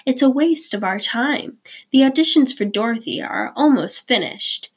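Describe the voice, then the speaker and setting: A woman's voice: sits high, lively intonation, moderate pace, breathy edge, voice pushed up, exaggerated voice. A woman reading the part of an impatient, pompous middle-aged man who complains irritably. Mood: irritable.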